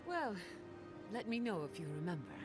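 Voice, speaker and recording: A woman's voice: medium pitch, big pitch swings, moderate pace, a little mellow, lightly acted. An actress playing a curious, polite female companion in a video game, asking light questions. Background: game music.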